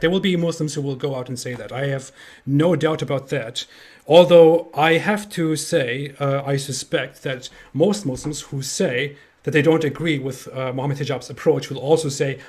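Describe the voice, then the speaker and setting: A man's voice: a little high, steady tone, normal speed. A man co-hosting a casual livestream chat, speaking emphatically, repeating words and laughing. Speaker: co-host.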